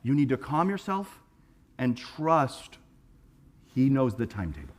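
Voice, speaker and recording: A man preaching a sermon in a conversational, animated way, acting out voices and often repeating words as he starts a phrase. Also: mid-range voice, a little slow. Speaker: pastor. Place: church sanctuary.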